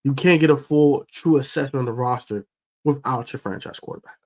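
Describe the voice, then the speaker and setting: A man hosting a fan sports show, ranting in a casual, slangy, animated way about his team. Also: mid-range voice, a little fast. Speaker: sports podcast host. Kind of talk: casual fan commentary rant.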